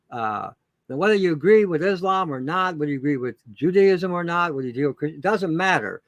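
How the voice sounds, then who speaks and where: A man's voice: high voice, fairly bright tone, no echo, studio quality. A man from Canada speaking as a guest in a blunt, emphatic, heavily profane rant. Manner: emphatic, repetitive, swears heavily. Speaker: guest, show host himself.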